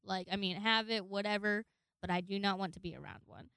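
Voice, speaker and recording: A woman's voice: medium pitch, steady tone, a little fast, fairly bright tone, smooth, dry recording. A woman in her twenties telling a personal story in a rambling, profane way, laughing often. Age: 20s. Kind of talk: casual storytelling.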